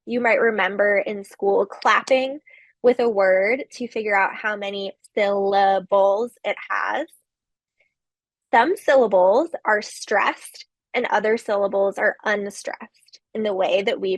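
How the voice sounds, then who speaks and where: A woman giving a recorded literature lecture, explaining slowly with occasional fillers. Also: medium pitch, no echo.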